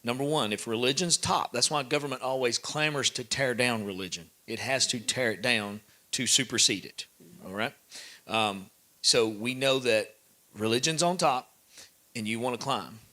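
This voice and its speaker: Blunt man giving bright, preachy advice. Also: mid-range voice, moderate pace. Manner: blunt, preachy, keeps checking in with "okay?". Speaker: speaker at a live event.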